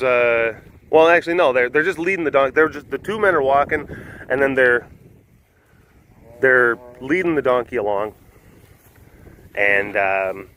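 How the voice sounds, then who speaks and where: A man's voice: medium pitch, bright, forceful tone, slight background noise. A man hosting a vlog who retells a fable in a casual, rambling way, with lots of fillers. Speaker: vlog host, animal keeper. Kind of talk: casual storytelling.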